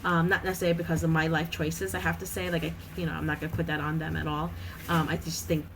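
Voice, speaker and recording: Chatty lower-voiced woman on a podcast. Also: level tone, fast, background noise. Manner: chatty, many fillers, laughs often. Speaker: podcast guest. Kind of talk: casual podcast chat.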